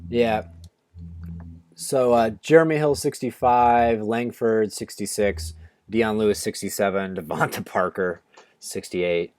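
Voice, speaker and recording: This is a fairly low, steady, slightly mellow male voice, clear and resonant, moving at a measured pace on a dry recording. He's co-hosting a fantasy football draft stream from home on a video call, talking casually, rambling, restarting a lot and leaning on "like."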